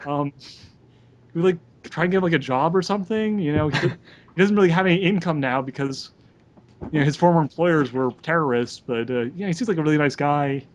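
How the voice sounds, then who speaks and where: A man on a podcast, casually telling tabletop role-playing stories and acting out characters' lines in an animated way. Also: a little high, fairly quick. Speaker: podcast co-host.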